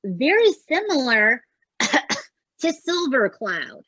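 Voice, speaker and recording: A woman's voice: high voice, big pitch swings, drawn-out words, bright, forceful tone, no echo. A woman co-hosting a podcast in casual chat, emphatic and reactive. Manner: emphatic, reacts with sighs and exclamations. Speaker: podcast co-host. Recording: dull lo-fi dry sound.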